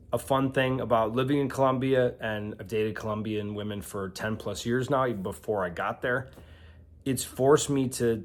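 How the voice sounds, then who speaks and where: A man of forty from the American Midwest, telling personal stories in a relaxed, rambling way with asides and fillers. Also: medium pitch. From Milwaukee, USA. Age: 40s. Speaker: vlogger. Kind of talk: casual storytelling to camera.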